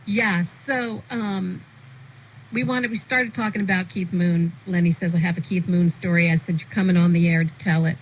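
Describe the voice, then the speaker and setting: A woman's voice: fairly low pitch, steady tone, slight background noise, low-quality recording. A woman hosting a radio show, chatting enthusiastically with a studio guest. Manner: enthusiastic, chatty, a bit halting. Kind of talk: casual radio interview.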